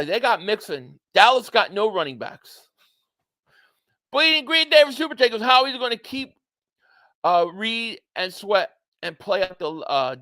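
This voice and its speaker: A young man hosting a casual livestream, excitable and rambling, with lots of fillers. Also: sits high, no echo. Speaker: sports streamer.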